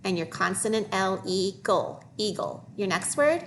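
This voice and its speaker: A woman teacher leading a phonics lesson for young children, modeling each word slowly and clearly. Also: mid-range voice, expressive, a bit bright, a little hiss or hum. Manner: slow, deliberate modeling of words for young learners.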